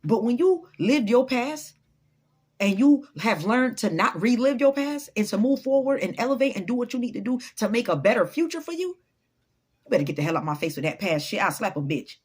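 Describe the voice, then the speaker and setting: A woman's voice: fairly high pitch, expressive, brisk, a little mellow, husky. A woman giving an unscripted motivational talk to her followers, blunt, profane and preachy. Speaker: motivational vlogger.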